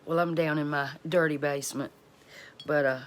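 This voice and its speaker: A woman's voice: low voice, fairly even intonation, normal speed. A middle-aged woman, chatting folksily to her cooking channel viewers at home, laughing often. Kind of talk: casual chat to viewers.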